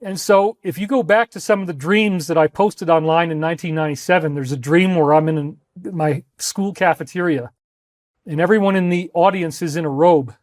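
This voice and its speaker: Male lecturer, high pitch, intense and rambling, dry recording. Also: no echo. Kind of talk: emotional lecture to an audience.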